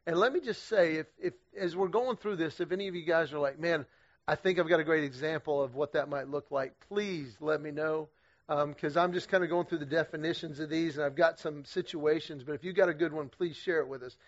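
A middle-aged man speaking to a men's group at church, energetic and humorous, with a conversational style full of quick restarts. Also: fairly high pitch. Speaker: guest speaker leading a men's group series. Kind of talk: storytelling church talk to men. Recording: dull lo-fi sound.

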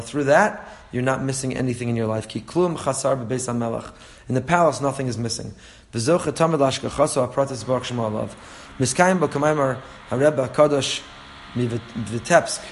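A man's voice: medium pitch, slight background noise. A man teaching a religious class, reading passages and explaining them earnestly, often repeating phrases and chuckling at his own stories. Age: young adult to middle-aged, father of a four-year-old. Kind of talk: Torah class, reading texts and translating.

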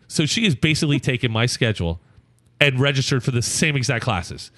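A man co-hosting a comedy podcast, spinning an animated personal story and breaking into laughter as he tells it. His voice sits at a middle pitch. It is recorded close and dry. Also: fast talker, no echo. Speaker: podcast co-host.

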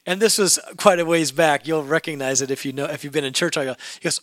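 A man with a high voice preaches from a church pulpit, telling his stories with lively acted-out scenes. He turns to the congregation with questions as he goes. The sound is close and dry. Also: fast, hardly any pauses, dry recording. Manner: animated storyteller who asks the congregation questions and acts out scenes. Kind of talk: storytelling sermon.

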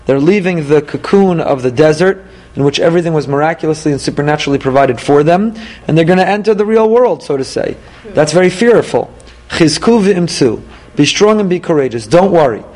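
A man, apparently middle-aged, leading a Torah class, lively and emphatic, reading Hebrew verses and paraphrasing them. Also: on the high side, fast talker. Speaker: rabbi teaching weekly Torah portion.

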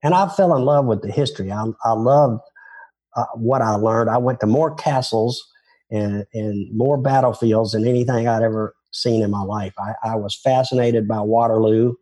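A man's voice: medium pitch, moderate pace, mellow. An older man from Tennessee with a Southern accent, telling rambling, self-deprecating stories about his golf career in an interview. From Memphis, Tennessee. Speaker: former touring golf pro, interviewee. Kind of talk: casual interview storytelling.

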